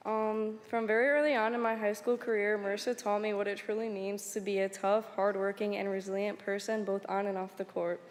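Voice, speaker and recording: A teenage girl reads a tribute in a steady, even tone with little rise and fall. Her voice is mid-range. A long hall reverb and faint background noise surround her. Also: medium pitch, brisk, hardly any pauses. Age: teens. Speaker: high school student honoring a coach. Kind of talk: prepared speech at a ceremony.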